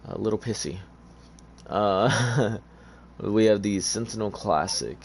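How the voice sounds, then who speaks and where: Man, very deep voice, sleepy, laid-back rambling game commentary, faint background hum. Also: slow pace, creaky. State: sleepy, just woken up. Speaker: gaming YouTuber. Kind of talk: casual gameplay commentary.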